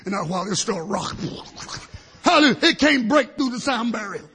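Husky high-voiced man preaching hard. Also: animated, fast talker. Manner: swings between shouted peaks and low asides, peppered with hallelujahs. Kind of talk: fiery sermon.

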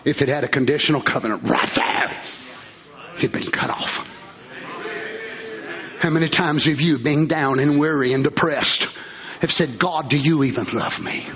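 A man preaching a fiery sermon at a church service. He shouts fervently, then drops into hushed asides. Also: a little high, normal speed, long pauses, breathy edge. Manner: shouting, fervent, swings between loud cries and hushed asides. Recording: muffled lo-fi recording.

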